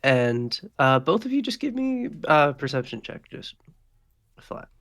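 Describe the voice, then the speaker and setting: A man's voice: a little high, very animated, measured pace, a bit bright. A man running a tabletop game as game master, narrating casually and swearing freely.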